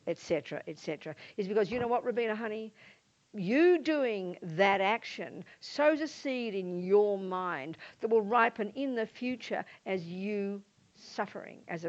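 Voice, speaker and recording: An older woman with an Australian accent, a Buddhist nun giving a lively dharma talk to a live audience and acting out the voices she quotes. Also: medium pitch. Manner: animated, acts out quoted voices. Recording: muffled lo-fi talk recording.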